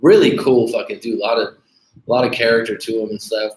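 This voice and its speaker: A man's voice: medium pitch, fairly even intonation, brisk, a little mellow. Blunt, profane man in an echoey room. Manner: blunt, profane, casual, calls viewers dude. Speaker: dating coach livestream host. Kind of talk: casual livestream chat reading viewer comments. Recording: echoey room with faint background noise.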